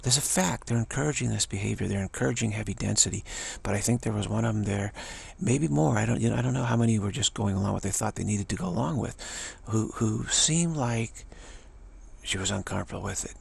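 A man with a gravelly, husky voice giving a rambling spiritual monologue, often restarting phrases and mocking the voices of others. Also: fairly low pitch, fast.

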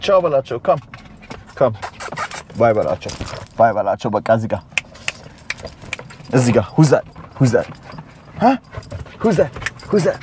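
A man's voice: fairly high pitch, darkish tone, a little hiss or hum. A man, an Amharic speaker, vlogging casually and playfully coaxing his dog with commands.

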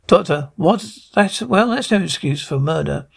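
Brief: indignant elderly time traveller, read by a man, gravelly and husky, stumbling delivery. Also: fairly high pitch, expressive, full character voice. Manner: stumbling, halting reading.

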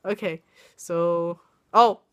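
A woman's voice: fairly low pitch, fairly even intonation, extremely slow, fairly bright tone, clean tone. A young woman vlogging casually, chatty and self-mocking, her voice worn and coming and going from being sick. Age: young adult. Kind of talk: casual vlog chat. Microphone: webcam or phone camera.

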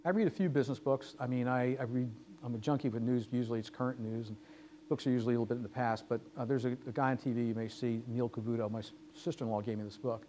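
A man's voice: medium pitch, fairly even intonation, fast talker, mellow, a little hiss or hum. A man giving a lecture as guest speaker, telling business anecdotes and acting out the dialogue. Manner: storytelling, acting out quoted dialogue. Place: lecture hall.

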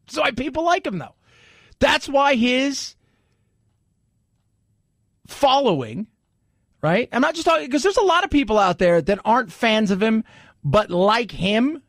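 A man's voice: high voice, dry recording, clean studio sound. A man hosting a political commentary show, talking in a loose conversational way with rhetorical asides. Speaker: host.

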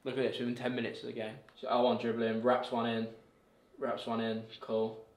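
A young man, giving loud, cocky, laughing commentary on his own gameplay as a pro gamer. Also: medium pitch, completely flat delivery, fairly quick, a little hiss or hum. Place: gaming room in a shared house. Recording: echoey room, faint music behind.

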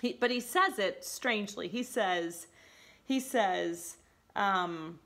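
Chatty lady teacher explaining a play, bright voice, says "like" a ton. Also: on the low side, slow. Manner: chatty, laughs often, says "like" and "okay?". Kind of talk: casual classroom explanation.

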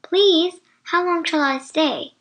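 Woman voicing a living scarecrow, anxious, tearful, pleading, high voice. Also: slow, fairly bright tone, full character voice. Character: sad, anxious male scarecrow.

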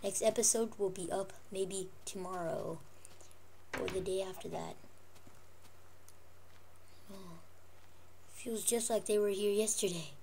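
A woman playing Minecraft and chatting casually, coaxing and fussing over her pet wolves in an excitable voice. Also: mid-range voice, unhurried, gravelly, pauses often, a little hiss or hum. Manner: excitable, jumps between squeals and mutters. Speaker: Minecraft let's player. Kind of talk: casual gameplay commentary.

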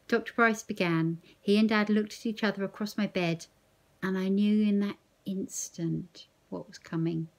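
Teacher lady reading a book aloud, slow and measured, expressive. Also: medium pitch.

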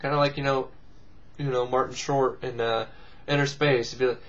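Here the vlog host's mid-range voice has a fairly bright tone and a normal pace, captured on dull audio. His talk is casual comic commentary, full of sarcasm, swearing, and squealed mocking impressions.

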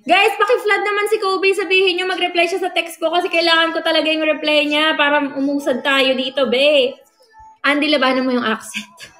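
A high-pitched woman with a Filipino accent, bubbly and chatty as she runs a livestream. She mixes English and Tagalog and keeps shouting out thanks to viewers. Her voice rings in a roomy space with faint music underneath. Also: flat delivery, fast talker. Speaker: livestream host. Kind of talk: casual livestream chat.

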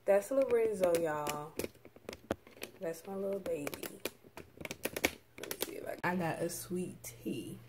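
Eating in front of her camera, a young woman vlogger talks to viewers in a chatty, laid-back way, sometimes with her mouth full. She has a lowish voice, speaks a little slowly with frequent pauses, and background noise can be heard.

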